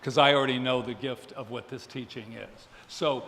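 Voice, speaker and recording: A man's voice: mid-range voice, steady tone, normal speed, vocal fry, a bit bright, slight background noise. A man who leads a spiritual center, making casual church announcements with a joking, self-deprecating manner. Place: church hall. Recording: echoey hall, faint ambience.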